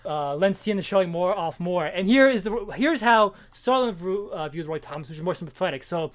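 Man, high voice, rapid pace, rambling comic recap, casual chat, lots of fillers. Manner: rambling, animated retelling with many fillers and restarts. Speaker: comic book podcast co-host.

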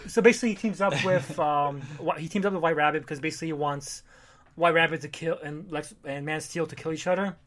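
Guy blasting through a comic recap, swears a lot, slightly high voice. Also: a bit bright. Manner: rambling, swearing, acting out characters in quick voices. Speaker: podcast co-host recapping comics. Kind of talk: casual chat.

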